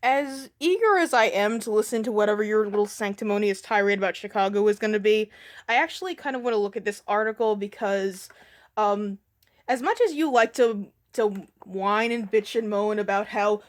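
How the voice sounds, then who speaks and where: A woman's voice: mid-range voice, moderate pace. A woman giving a casual commentary rant in reply to another video, sarcastic and profane, with frequent ums.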